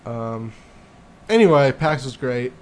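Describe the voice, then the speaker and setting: A man's voice: mid-range voice, lively intonation, slow pace. A man chatting casually on a podcast, offhand and given to crude, profane jokes. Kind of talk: casual chat.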